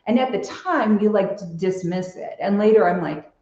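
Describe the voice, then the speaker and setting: A woman's voice: mid-range voice, moderate pace, a little mellow. Reflective woman guest, echoey muffled audio. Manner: reflective storytelling with frequent fillers. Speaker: podcast guest. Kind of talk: casual conversational interview.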